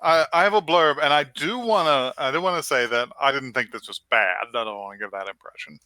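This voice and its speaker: A man's voice: medium pitch, brisk, smooth, dry recording. A man co-hosting a podcast in casual chat, joking and restarting his sentences. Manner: joking, animated, with many restarts. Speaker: podcast co-host.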